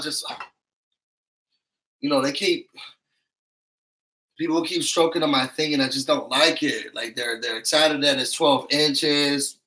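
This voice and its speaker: Male show reviewer, bright and sassy, emphatic, slightly high voice. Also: fairly even intonation, unhurried, long pauses, poor audio. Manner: sassy, emphatic, acts out quotes. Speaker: YouTube reality-show reviewer. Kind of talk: animated recap commentary.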